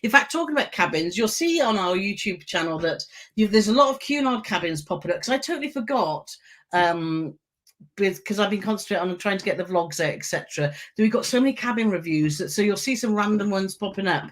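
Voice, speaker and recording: A woman's voice: mid-range voice, lively intonation, fairly quick. A woman co-hosting a travel live stream, chatting casually and greeting viewers by name as she reads their comments.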